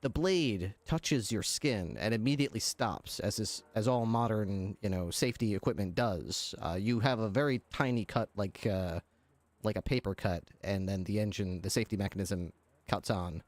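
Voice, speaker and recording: A man's voice: lowish voice, moderate pace, no room sound. A man narrating as game master of an improvised role-play, hesitant with many fillers and frequent laughter.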